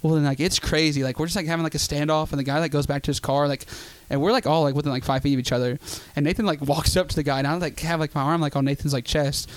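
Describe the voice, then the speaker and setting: Young man, fast talker, higher voice, dry close sound, casual swearing storyteller. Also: dry recording. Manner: swears freely, animated storytelling with acted quotes. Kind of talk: casual chat.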